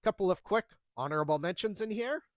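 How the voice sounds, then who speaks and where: A man's voice: high-pitched, expressive, fairly quick, dry recording. A man in his thirties telling retail work stories in a casual, wry way, acting out the dialogue as he goes. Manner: chatty, wry, acts out the dialogue. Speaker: storyteller recounting retail jobs. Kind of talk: casual storytelling.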